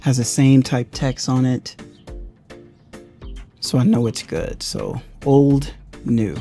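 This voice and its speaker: A man with a mid-range, animated voice and a warm tone speaks slowly, casually walking viewers through a hands-on car repair. He's a car DIY reviewer who thinks aloud as he works, loose and conversational, with faint music in the background.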